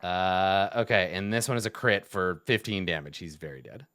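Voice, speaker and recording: A man narrating as game master in an online tabletop game, relaxed and chuckling, with plenty of uhs and ums. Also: low-pitched, normal speed, clean tone, dry recording. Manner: relaxed, laughing, many fillers.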